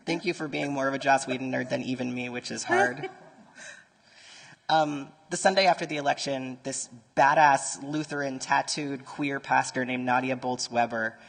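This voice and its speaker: A man's voice: mid-range voice, little pitch movement, normal speed, creaky, a bit bright. A man giving a conference talk to a live audience, speaking conversationally and turning to the room with nerdy asides. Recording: long reverb from a large conference hall.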